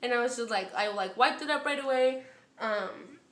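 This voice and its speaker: A woman chats through a story in a casual vlog, in a slightly high voice, cursing freely and acting out what people said. Her speech is full of "like" fillers. The recording sits in a noticeably echoey room. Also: moderate pace, fairly bright tone. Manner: chatty and profane, full of "like" and acted-out quotes. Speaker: storytime vlogger.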